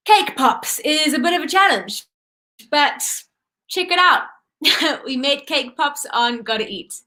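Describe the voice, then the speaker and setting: A woman's voice: sits high, expressive, a little slow, sharp tone. A young woman ventriloquist, hosting casually, chatty and laughing often as she talks to camera. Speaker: host and ventriloquist. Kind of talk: casual cooking-show presenting.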